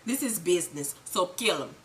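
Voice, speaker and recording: Woman doing a soft-spoken, ice-cold gangster boss, voice dropped low. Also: expressive, normal speed, lightly acted, poor audio. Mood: menacing. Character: menacing calm male crime boss.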